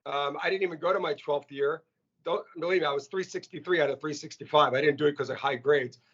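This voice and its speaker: Guy telling wild stories in an interview, kinda high voice, stumbles and repeats words, dull recording. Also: quick pace, husky. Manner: animated, repeats words when excited. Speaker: restaurant CEO, interview guest. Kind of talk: casual storytelling interview. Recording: muffled lo-fi audio.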